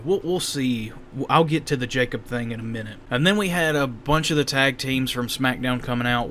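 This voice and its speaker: A man's voice: medium pitch, a bit bright, a little hiss or hum. A young man casually reviewing a wrestling show in a rambling, candid way, often stopping to correct himself.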